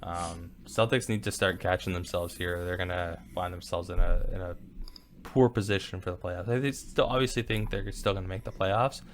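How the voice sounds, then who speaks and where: A man's voice: deep voice, moderate pace, a little hiss or hum. Laid-back young male sports podcaster. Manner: animated, laughing, slangy. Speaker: podcast co-host. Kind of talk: casual sports chat.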